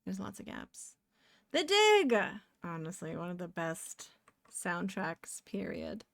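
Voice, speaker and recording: A young woman from Canada chatting casually on a live stream while she draws, rambling and breaking into excited exclamations. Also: on the low side, measured pace, creaky, no room sound, clean studio sound.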